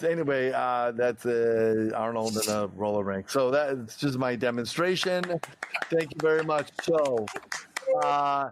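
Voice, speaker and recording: A man hosting a comedy podcast, running an improv game with many fillers and quick laughs. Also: mid-range voice, a little hiss or hum. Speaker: podcast host. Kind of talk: casual chat.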